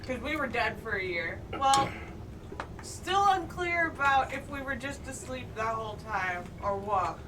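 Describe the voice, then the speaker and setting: A woman with a high voice joins in casual chat at a tabletop game, quick with jokes and asides. She sits somewhat away from the microphone, and a steady background noise runs under her voice. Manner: chatty, joking, quick asides. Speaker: player. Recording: distant mic with background noise.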